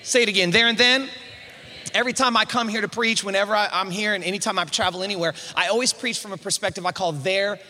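A man preaching a sermon to a congregation, energetic, with call-and-response prompts and frequent restarts. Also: high voice, fast talker. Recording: reverberant hall sound.

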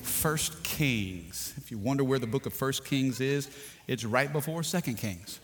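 A man's voice: mid-range voice, expressive, unhurried, faint music behind. A man pastor preaching a sermon to a congregation, joking and calling for responses. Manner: jokey, talks to the congregation, repeats himself. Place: church sanctuary. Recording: long hall reverb.

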